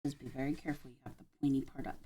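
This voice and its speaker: A woman chatting casually while assembling a craft kit, deadpan and ironic, claiming to be calm before bursts of swearing. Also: a bass voice, rapid-fire, breathy edge. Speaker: vlogger building a craft kit.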